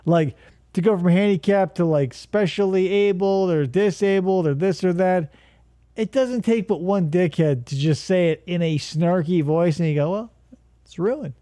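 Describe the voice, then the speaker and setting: A man's voice: high voice, normal speed, dark tone, clear, resonant tone, dry recording. Podcast host, man, profane sarcastic riffing, dry close sound. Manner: crude, profane, sarcastic joking. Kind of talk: casual riffing commentary.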